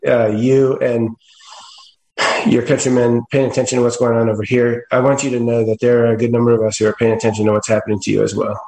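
A man's voice: medium pitch, flat delivery, quick pace, dark tone, echoey room, poor audio. A man on a political talk show, speaking earnestly and with sympathy.

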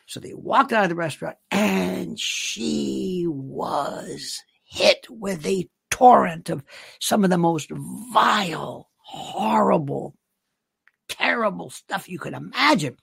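Gravelly, chatty male commentator, dry sound. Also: high voice, slow, no room sound. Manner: chatty, emphatic, repeats himself for stress. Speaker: online commentator. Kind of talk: casual commentary to camera.

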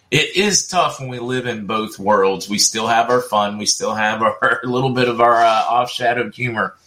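A man's voice: medium pitch, measured pace, bright, forceful tone. A middle-aged man hosting a casual livestream, chatting and reading viewer comments aloud with frequent laughs. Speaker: livestream host.

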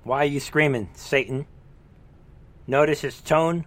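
A man's voice: on the high side, measured pace. A man hosting a live reaction commentary show, heated and scornful, with mocking asides. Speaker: political commentary host.

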